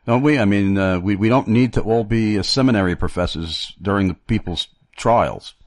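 Male talk host, deep voice, dry and close, thoughtful, pauses and restarts often. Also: dry recording. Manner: reflective, halting, with frequent fillers and restarts. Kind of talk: Christian radio talk.

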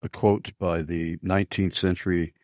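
Low-voiced guy hosting an interview, lots of uhs, dry sound. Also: level tone, moderate pace, a little mellow, no echo. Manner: hesitant, with frequent fillers.

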